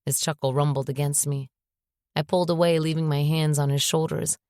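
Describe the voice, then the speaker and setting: Low-pitched female audiobook narrator, expressive first-person read, dry close mic. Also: fairly quick, dry recording.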